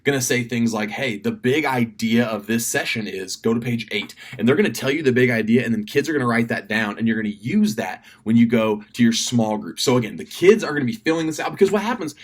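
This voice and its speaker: A man briefing camp volunteers in a casual video message from his desk, talking fast with lots of fillers and restarts. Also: mid-range voice, animated. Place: indoors at a desk.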